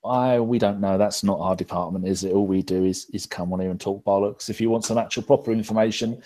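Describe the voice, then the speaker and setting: A man's voice: fairly low pitch, steady tone, quick pace, warm tone. Laid-back man reading chat. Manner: laid-back, swears freely, reads out viewer comments. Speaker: podcast host reading chat. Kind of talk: casual live-stream chat.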